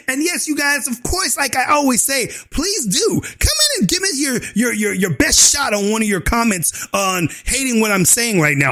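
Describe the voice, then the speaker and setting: A man hosting his own channel, ranting loudly with mocking laughter and put-on imitations of opponents. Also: sits high, lively intonation, brisk. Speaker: host. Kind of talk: opinion rant.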